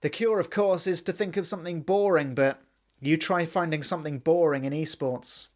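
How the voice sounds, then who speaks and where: A man's voice: fairly high pitch, normal speed. A man delivering scripted comedy esports commentary with mock hype and absurd asides. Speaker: comic esports caster.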